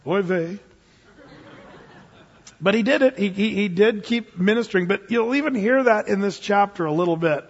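A man's voice: high voice, brisk, few pauses, some chatter behind. A male pastor preaching a casual, joking sermon in a church, with sudden emphatic bursts. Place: church sanctuary. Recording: muffled, long reverb in a hall.

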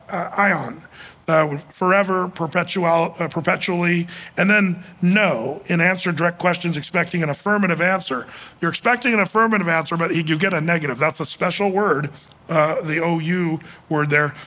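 A man's voice: high voice, steady tone, moderate pace, bright, forceful tone. A man giving a casual Bible teaching as a pastor, chatty and emphatic, with frequent fillers and restarts.

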